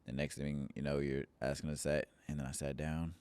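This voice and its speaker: A young man telling a personal church story in relaxed, earnest podcast chat. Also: a bass voice, a little fast, clean tone, no room sound. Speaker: church member, podcast guest.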